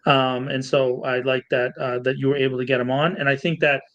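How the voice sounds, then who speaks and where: A man's voice: medium pitch, level tone, fairly quick, fairly bright tone, highs cut off. A man co-hosting a local podcast, chatting in a loose, friendly way, laughing often and repeating words. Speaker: podcast co-host. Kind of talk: casual podcast chat.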